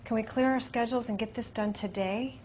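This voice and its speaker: A woman's voice: a little high, steady tone, fairly quick, a little mellow, a little hiss or hum, lightly acted. A woman playing a stressed office manager. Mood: anxious. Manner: anxious, pressing.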